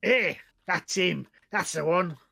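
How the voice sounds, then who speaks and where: Man putting on a squeaky pompous little goblin. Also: takes it slowly, creaky, sharp tone, full character voice. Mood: boastful whiny. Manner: boastful, squeaky and indignant. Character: whiny pompous little male goblin leader.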